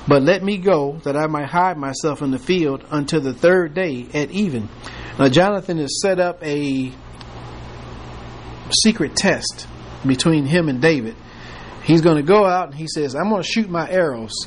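A man's voice: a little high, unhurried, a little hiss or hum. A man leading a casual Bible study, reading scripture aloud and retelling it with playful humor.

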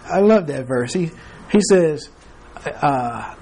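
A man's voice: on the high side, animated, takes it slowly, mellow, breathy edge. A man teaching a Bible class, reading scripture aloud and prompting the class to fill in the words, with chuckling asides.

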